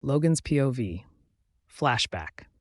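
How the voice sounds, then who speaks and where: Male audiobook narrator, mid-pitched, steady, close and dry. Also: takes it slowly, dry recording.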